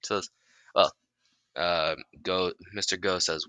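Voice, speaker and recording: A man narrating an improvised fan story in a deep, low voice with a bright, forceful edge. He halts and restarts often as he makes it up. The recording is dry and close, with no room sound. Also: dry recording. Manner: halting, many restarts, making it up as he goes.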